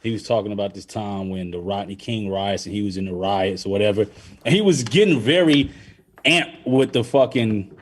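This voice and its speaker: A man's voice: lowish voice, moderate pace. An adult man telling a rambling, profane story in casual podcast chat. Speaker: podcast host.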